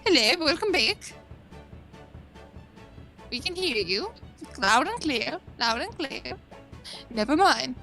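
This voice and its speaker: Playful high-voiced woman gamer. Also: sing-song, slow pace, pauses often, pushed and bright, soft background music. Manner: playful, teasing, swears freely. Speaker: let's-player. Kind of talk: casual chat over a game.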